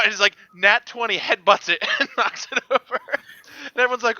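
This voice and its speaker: Excitable high-voiced man, dull lo-fi sound. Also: brisk. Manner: excitable, laughing, animated storytelling. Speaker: panel guest. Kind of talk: casual panel chat.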